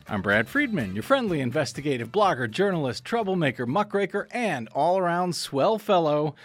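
Out of breath radio guy hosting his show, voice jumps all over, bit high, faint music under him. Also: moderate pace, few pauses. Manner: lively, joking, self-deprecating. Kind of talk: talk radio. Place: radio studio.

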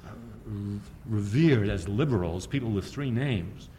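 A man's voice: lowish voice, lively intonation, unhurried, dark tone, slight background noise. Sardonic older man lecturing. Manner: sardonic, storytelling, asks the audience rhetorical questions. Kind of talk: public lecture.

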